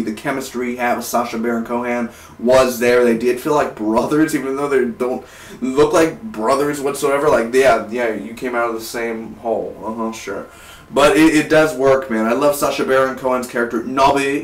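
Brief: young male film vlogger, enthusiastic and rambling, middle pitch, echoey room with the mic set back. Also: fairly even intonation, brisk. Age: 20s. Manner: rambling, restarts sentences, enthusiastic. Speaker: film reviewer. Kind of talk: casual vlog review. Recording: roomy, distant from the mic.

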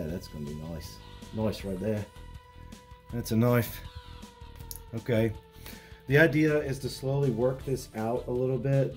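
A man hosting a hands-on repair walkthrough, explaining each step in a relaxed way with frequent fillers and restarts. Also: medium pitch. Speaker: retro electronics repair host.

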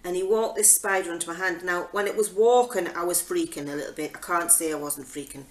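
A woman's voice: fairly low pitch, fast, low-quality recording. A middle-aged woman telling a story in a casual, rambling way, full of restarts and fillers. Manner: acts out her own past reactions. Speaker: craft channel host.

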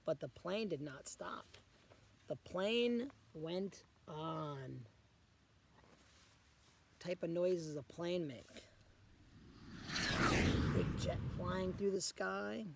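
A man reading a picture book aloud to children as a guest reader, pausing often to ask the children questions. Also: high voice, animated, creaky, slight background noise.

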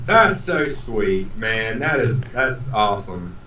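A man from North Carolina co-hosting a live talk show, trading quick cocky jokes and doing a mock auction chant. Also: lowish voice, very animated. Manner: joking, cocky, quick banter. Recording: roomy sound, distant mic, faint noise.

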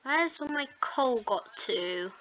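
A woman with a bright, forward voice talks casually over her gameplay. She rambles and pokes fun at herself. A faint hiss of background noise sits under her voice from the computer microphone. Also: high voice, expressive, slow. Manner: rambling, self-mocking chatter. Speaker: gaming video host.

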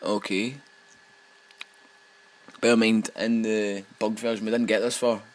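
Sweary Scottish man, low voice. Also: unhurried, poor audio. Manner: sweary, excitable running commentary. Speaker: let's play gamer. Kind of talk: let's play commentary.

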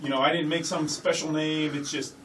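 An upbeat man talks up his fight events in a radio studio, excited and jokey. His voice sits a bit high. He is slightly off the mic, with a faint hum behind him. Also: far from the mic, low-quality recording. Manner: excited, fast-talking, jokey. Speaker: MMA fight promoter, guest. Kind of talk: casual radio interview.

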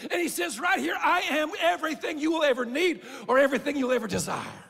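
A male pastor preaching a fervent sermon, shouting out lines and then dropping low. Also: expressive, fast, creaky, big-room sound. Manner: fervent preaching, swings between shouting and quiet. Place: church sanctuary.

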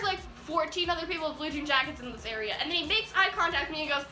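A teenage girl excitedly retelling a story in a vlog, acting out the dialogue as she goes. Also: high-pitched, rapid-fire, few pauses. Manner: bubbly, animated retelling with quoted dialogue. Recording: echoey room with faint music.

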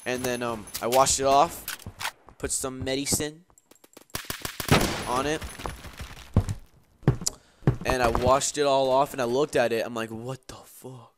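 A man's voice: mid-range voice, steady tone, a little slow, pauses often, background noise. Young dude rambling and cursing over his gameplay, lots of gunfire and clicking behind him. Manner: rambling, swears a lot, filler-heavy. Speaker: gaming video host. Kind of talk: casual gameplay commentary and storytelling.

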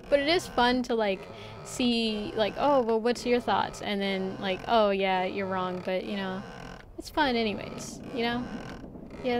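Young woman streamer, lightly high-pitched, chatty and rambling; noisy recording. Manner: rambling and chatty, reads chat aloud, laughs often. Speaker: VTuber streamer. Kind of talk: casual live-stream chat while gaming. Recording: steady audible background noise.

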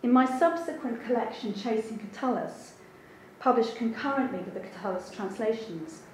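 A woman's voice: on the high side, normal speed, a little mellow. A woman translator giving an academic seminar talk, thoughtful and hedging with frequent ums. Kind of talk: academic lecture. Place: lecture room. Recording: very echoey room with faint background hiss.

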